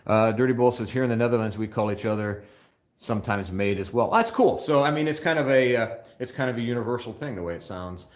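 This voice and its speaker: A man's voice: mid-range voice, quick pace, echoey room. Rambling older man on a live stream. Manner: rambling, scattered, reads chat aloud. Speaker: motorcycle channel host. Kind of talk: casual live-stream chat. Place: motorcycle shop. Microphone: phone.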